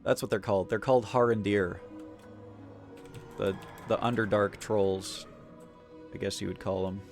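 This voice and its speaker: A man's voice: fairly low pitch, fairly even intonation, normal speed, soft background music. A man chatting casually on a live stream, rambling and swearing as he rants. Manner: rambling, profane and ranting.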